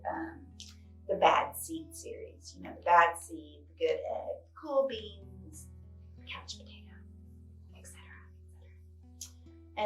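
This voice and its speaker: A woman librarian recommending children's books, telling their stories in an animated way with frequent exclamations. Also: medium pitch. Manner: animated storytelling, exclaims often. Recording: roomy echo, distant mic, faint guitar music.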